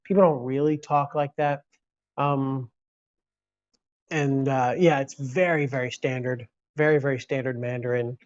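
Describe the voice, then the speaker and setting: Man from the United States, live streamer, casual rambling chat, answers viewer comments, mid pitch, dull lo-fi audio. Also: fairly even intonation, a little slow.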